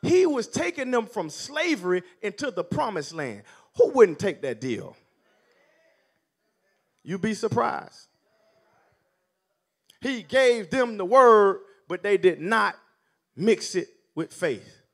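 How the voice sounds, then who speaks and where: A man preaching with a high, very animated voice that climbs and falls dramatically. He calls for responses from the congregation and builds his delivery in waves. The tone is that of a pulpit. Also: slow pace, long pauses, breathy edge. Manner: call-and-response preaching, rising to near shouting. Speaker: minister. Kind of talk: sermon.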